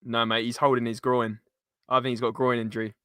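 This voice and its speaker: Co-hosting a live match watchalong, a man chats, argues his points and reads out the chat. His mid-range voice is level, sharp and smooth, a little fast, recorded at studio quality with no room sound.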